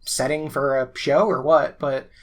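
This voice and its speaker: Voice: medium pitch, fairly even intonation, measured pace. A podcast co-host in casual conversation, chatty with many fillers and laughs.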